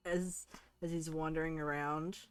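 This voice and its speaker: A woman's voice: low voice, flat delivery, unhurried, smooth. A woman game master narrating a tabletop game in a loose, rambling way, full of fillers.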